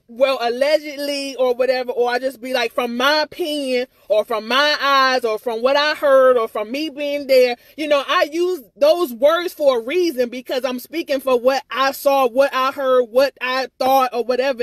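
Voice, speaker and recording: A woman's voice: high-pitched, normal speed, hardly any pauses, no room sound. A woman in a casual live-stream rant, agitated and rambling, repeating herself and swearing, with speech. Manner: swears freely, stammers on restarts. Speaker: livestreamer.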